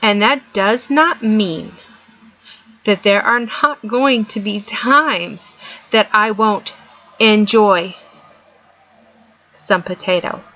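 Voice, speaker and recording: Her voice is fairly high and sharp as this middle-aged woman vlogger delivers emphatic, earnest motivation, restating her points for emphasis. The audio is dull and lo-fi.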